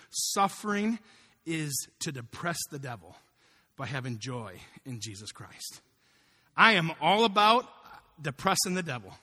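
Bright high-voiced preacher man in a reverberant hall. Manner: animated storytelling, acting out quotes. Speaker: pastor. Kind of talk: sermon with personal testimony.

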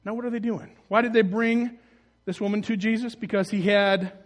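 Animated high-voiced male preacher. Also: moderate pace. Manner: animated, acts out the story in voices, rises loud then drops soft. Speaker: pastor. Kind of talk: sermon.

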